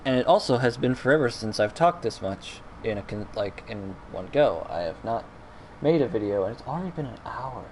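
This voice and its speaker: A man's voice: medium pitch, expressive, fairly quick, a little mellow, slight background noise, low-quality recording. A man streaming a video game, rambling in casual commentary with frequent self-corrections and mild exasperation. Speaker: gaming streamer.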